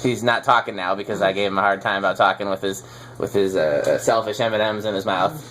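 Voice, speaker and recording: A man's voice: on the low side, steady tone, quick pace, a bit bright. Guy chatting about ceiling fans, lots of uhs, teasing his buddy, faint hiss. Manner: rambling, filler-heavy, teasing. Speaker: fan collector host. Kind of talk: casual chat while testing fans. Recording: faint background noise.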